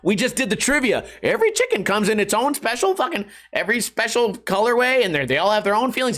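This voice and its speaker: A man's voice: high-pitched, big pitch swings, fast, hardly any pauses, fairly bright tone. A man, hosting a casual comedic podcast monologue, rambling and full of profanity. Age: 30s. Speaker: podcast host.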